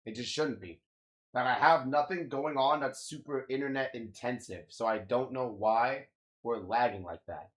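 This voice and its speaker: A young man chatting casually on a live stream, slangy and swearing, venting about lag and reacting with drawn-out "wow"s. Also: medium pitch. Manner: loose, slangy, swears often, exclaims "wow" a lot; frustrated, ranting about lag.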